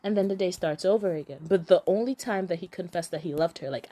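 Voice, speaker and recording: A woman's voice: lowish voice, quick pace. A young woman casually recapping a drama, acting out the characters' lines and often laughing. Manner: animated storyteller, acts out characters' lines, laughs a lot. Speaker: podcast host recapping a drama.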